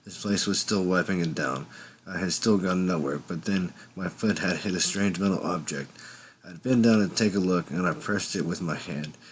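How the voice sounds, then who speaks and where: A man's voice: sits low, moderate pace, slight background noise. A man telling an improvised first-person story in a rambling, conversational way. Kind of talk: improvised fiction narration.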